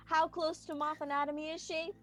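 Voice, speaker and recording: A woman's voice: high-pitched, flat delivery, fairly quick, a bit bright. A woman player chatting casually at a tabletop game, giggly and chatty.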